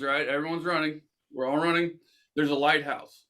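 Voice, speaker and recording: Animated young man telling a wild story. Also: fairly high pitch, quick pace. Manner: animated, swears, acts out quoted voices. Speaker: podcast host. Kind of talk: casual storytelling.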